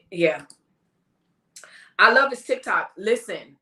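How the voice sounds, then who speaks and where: An animated woman chats with her viewers on a casual live stream, mimicking the people she talks about. Her voice is bright and forward. It echoes in a home room. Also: mid-range voice, moderate pace. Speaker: host of a live talk stream.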